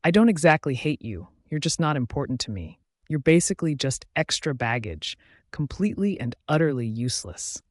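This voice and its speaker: A man's voice: a little high, very animated, a little fast, dry recording, clean studio sound. A man voicing a cruel, mocking young male villain with a sneering manner.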